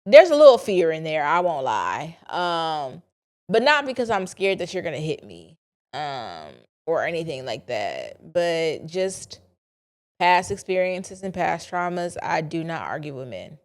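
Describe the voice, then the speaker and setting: A woman's voice: sits low, very animated, measured pace. A young woman, talking candidly to her listeners in a casual solo podcast. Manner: candid, chatty, confiding with listeners. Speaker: podcast host.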